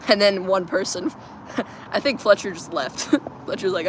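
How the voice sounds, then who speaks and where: A woman's voice: medium pitch, a little slow, slight background noise. A woman livestreaming from home on her phone, chatting casually with viewers, reading their comments aloud and laughing often. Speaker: livestream host.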